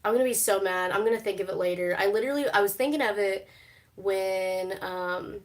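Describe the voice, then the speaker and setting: A young woman talks casually on a live stream, recorded on her phone. She laughs easily, swears without thinking about it, and fills her pauses with "um" and "like.". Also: medium pitch. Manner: chatty, swears freely, laughs often, many fillers. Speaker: streamer reacting to a TV show.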